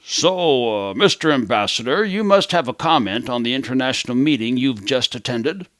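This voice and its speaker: A man voicing a brisk male reporter questioning a diplomat. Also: medium pitch, lively intonation, fairly bright tone, no room sound, close to an everyday voice.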